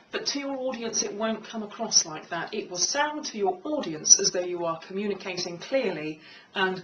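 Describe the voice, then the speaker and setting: A woman coach talks through tips on speaking with confidence, in a measured, deliberate way. Her voice sits a little back from the mic, and a faint room hum runs underneath. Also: medium pitch, fairly bright tone. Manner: measured, demonstrates slow and fast speech. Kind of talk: instructional talk to camera. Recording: slightly distant mic with faint room noise.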